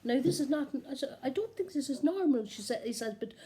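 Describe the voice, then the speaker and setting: A woman's voice: high-pitched, expressive, fairly quick, dark tone. A woman doing a giggly, gossiping nun. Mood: giddy gossip. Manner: giggly, gossipy, chatty, with frequent asides. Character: cheeky giggly gossiping middle-aged nun. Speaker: comic character monologue. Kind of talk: improvised comic monologue.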